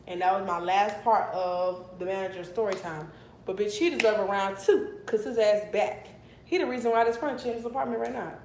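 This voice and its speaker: A young woman telling a storytime on a livestream, animated and blunt, swearing freely. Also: medium pitch, fairly quick, a little hiss or hum. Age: young adult. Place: her apartment, indoors. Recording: echoey room.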